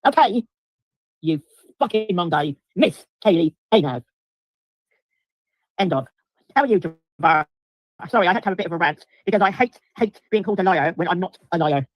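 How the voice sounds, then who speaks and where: A woman's voice: on the low side, lively intonation, normal speed, long pauses, no room sound. A middle-aged woman, ranting angrily on a livestream, swearing constantly and repeating herself while answering viewers. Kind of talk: angry livestream rant to viewers.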